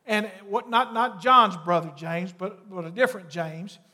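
A man preaching a sermon as a pastor. He shifts between mocking, raised voices and quiet, low asides. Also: normal speed, long reverb tail.

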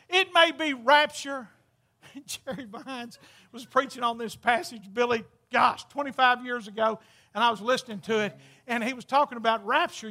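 A man's voice: extremely high pitch, sharp tone. A man preaching a folksy, exclamatory storytelling sermon, laughing at his own jokes.

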